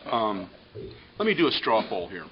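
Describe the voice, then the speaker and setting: A man's voice: lowish voice, moderate pace. Man moderating a panel, dull lo-fi audio. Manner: relaxed, with frequent ums and restarts. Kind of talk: casual joke-telling and panel introduction. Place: conference room with an audience. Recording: dull lo-fi audio with faint hiss.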